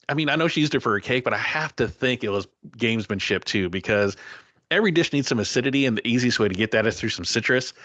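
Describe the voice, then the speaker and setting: Guy hosting a food podcast, chatty, gets excited, kinda dull dry audio. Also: mid-range voice, no room sound. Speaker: podcast host. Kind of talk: casual recap chat.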